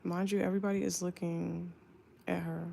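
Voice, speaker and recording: A young woman flight attendant telling a work story as a casual storytime, chatty and animated, full of "like". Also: fairly low pitch, brisk, creaky, a little hiss or hum.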